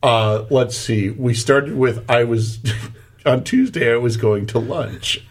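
A man's voice: medium pitch, animated, takes it slowly. A man co-hosting a casual talk show, rambling through an anecdote with many restarts. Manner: rambling, restarts often, laughs through stories. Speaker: podcast co-host. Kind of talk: casual chat, storytelling.

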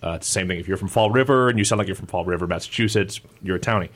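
A man's voice: deep voice, rapid-fire. A man from upstate New York co-hosting a podcast, chatting in a rambling way with fillers and laughs. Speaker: podcast co-host. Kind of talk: casual chat.

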